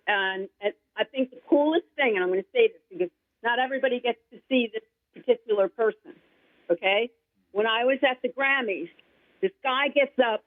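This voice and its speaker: A woman singer-songwriter, her voice a little high, chats eagerly as an interview guest, rambling from thought to thought. She comes through a thin, phone-like line, dry and close with no echo or room around it.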